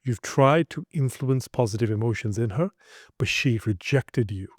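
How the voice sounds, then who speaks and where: A man's voice: mid-range voice, normal speed, no echo. Man, relationship coach, mid-range voice, dry close sound, blunt lecturing delivery. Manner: direct, emphatic, lecturing listeners with acted examples. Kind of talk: instructional monologue.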